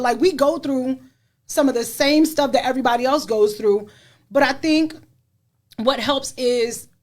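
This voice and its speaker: A middle-aged woman hosting a podcast, talking frankly and candidly about being a mother, laughing often and leaning on fillers like "you know.". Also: sits high. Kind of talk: candid casual chat.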